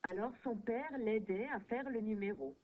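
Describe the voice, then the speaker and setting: A woman playing a polite phone answerer, high and tinny. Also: close to an everyday voice. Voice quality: runs words together quickly. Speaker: narrator and phone answerer in a textbook video. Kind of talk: scripted educational French dialogue.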